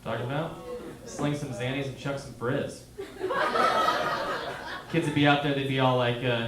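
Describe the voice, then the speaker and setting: In a small-theater stand-up set, a man speaks at a moderate pace in a mid-range voice with fairly even intonation and long pauses. He talks to the crowd like a conversation, asking them questions, and the roomy recording carries their laughter.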